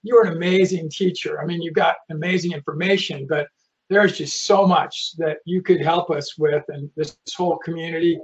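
A man's voice: on the high side, steady tone, moderate pace, lo-fi sound. A man hosting a live online session, reading out audience questions with friendly, rambling asides.

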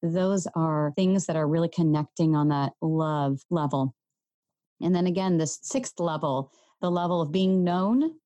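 A woman in her thirties hosting a parenting podcast, talking earnestly and gently straight to her listeners. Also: sits low, a little slow, dry recording. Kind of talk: solo podcast talk.

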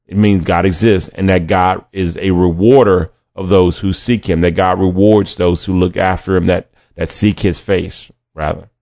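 A man's voice: sits low, darkish tone. A man teaching a conversational sermon for a podcast, reading scripture and acting out quoted voices, often repeating words as he goes. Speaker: podcast preacher. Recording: dull lo-fi dry recording.

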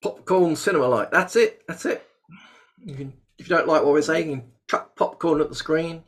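A man hosting a webinar over a video call, chatty and joking, with sudden bursts of excitement. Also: on the high side, moderate pace. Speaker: host. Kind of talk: casual webinar chat.

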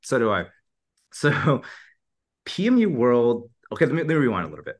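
A man's voice: medium pitch, wildly swooping pitch, moderate pace. A man talking as a podcast guest in a casual, upbeat way, with many "like" and "you know" fillers. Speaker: podcast guest, marketing entrepreneur. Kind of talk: casual conversational interview.

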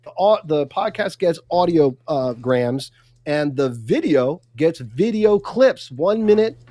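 A fired-up man talks with emphatic drive and acts out quick quotes. His voice sits high, and the sound is dry and close, with no room around it. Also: lively intonation, mellow, no room sound. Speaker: guest, content consultant. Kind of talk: animated livestream interview.

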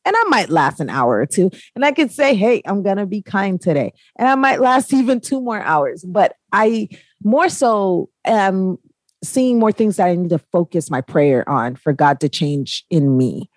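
A young woman co-hosting a casual faith podcast, candid and animated, laughing at herself. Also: lowish voice, unhurried, no room sound. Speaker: podcast co-host. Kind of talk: faith-based casual chat.

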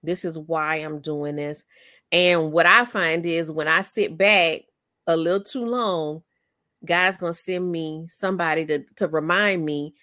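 Motivational woman with a low, dry voice. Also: unhurried, dry recording. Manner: animated, motivational, many fillers. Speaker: podcast host and coach. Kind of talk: casual interview chat.

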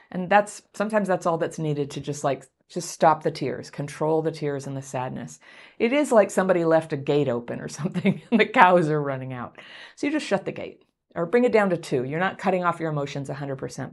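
A woman coaching viewers through a self-help talk, speaking in a gentle, encouraging, conversational way and laughing lightly between points. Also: low-pitched. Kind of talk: advice talk to camera.

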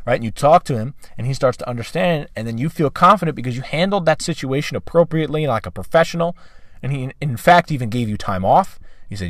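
A man gives an emphatic talk about dog training, hammering his points home by repeating key phrases. His voice sits at a middle pitch. It is recorded dry, with no room echo. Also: lively intonation, quick pace.

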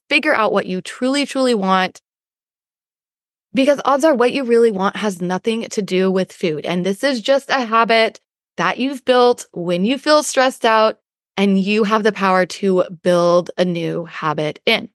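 A woman's voice: mid-range voice, dry recording, clean studio sound. A woman hosting a podcast as a weight loss coach, talking casually with lots of fillers and acting out inner voices.

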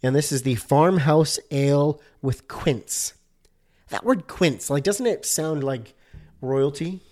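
A man's voice: on the high side, animated, takes it slowly, darkish tone. A man hosting a casual solo podcast about design, upbeat and chatty, with many fillers.

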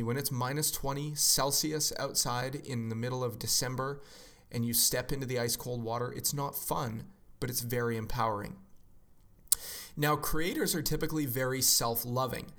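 A man's voice: mid-range voice, fairly bright tone. A man giving a motivational self-help talk in an earnest, encouraging way, often acting out people's inner voices.

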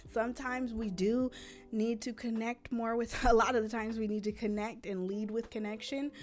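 A woman hosting a parenting podcast. She talks casually and earnestly, often checks in with a quick "right?", and sounds reassuring. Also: medium pitch. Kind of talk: casual teaching talk.

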